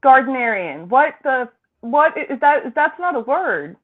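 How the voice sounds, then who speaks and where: A woman psychic co-hosting a casual chat, incredulous and rambling, quick to laugh. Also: high voice, sing-song. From Britain. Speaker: psychic co-host. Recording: tinny phone-like line.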